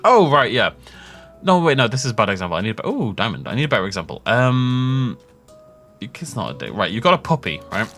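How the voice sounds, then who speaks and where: A gaming YouTuber talks through a let's-play in a loose, wandering, jokey way, laughing at his own half-finished jokes and tangents. His mid-range voice is fast and swings widely up and down in pitch. Soft game music plays quietly behind him.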